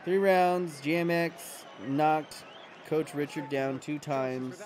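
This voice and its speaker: A man's voice: a little high, fairly even intonation, takes it slowly, darkish tone. A young adult man with an American accent, hosting a casual livestream and chatting with viewers as he answers their comments. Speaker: livestream host.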